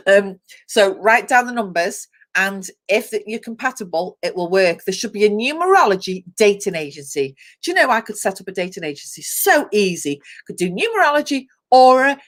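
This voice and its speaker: A woman's voice: medium pitch, fairly bright tone. A woman hosting a live online chat show, reading out traits and talking to viewers by name with frequent laughter. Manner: chatty, reads lists aloud, talks to viewers by name; laughs often, explains step by step. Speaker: host.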